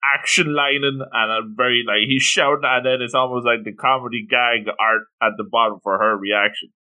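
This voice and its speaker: A man in casual chat about a manga, relaxed and chiming in with short reactions and jokes. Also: medium pitch, a little fast, smooth. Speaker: podcast co-host.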